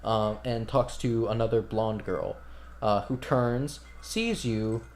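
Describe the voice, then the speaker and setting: A man's voice: medium pitch, slow pace, slight background noise. A man running a tabletop game as game master, narrating casually with many fillers and curses. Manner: casual, filler-heavy, profane.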